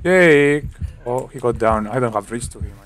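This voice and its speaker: A young man giving excited co-op gameplay commentary, swearing and breaking into sudden shouts. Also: mid-range voice, normal speed, slight background noise. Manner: loud, swearing, bursts into shouts. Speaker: gaming streamer.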